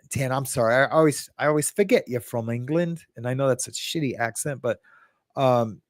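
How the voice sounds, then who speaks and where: A man hosting a loose, rambling livestream, talking straight to his viewers and stumbling back over his own sentences. His voice sits at an ordinary middle pitch. The sound is dry and close, with hardly any room around it. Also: darkish tone, dry recording. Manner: rambling, self-interrupting, swears casually. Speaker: livestream host. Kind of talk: casual livestream chat.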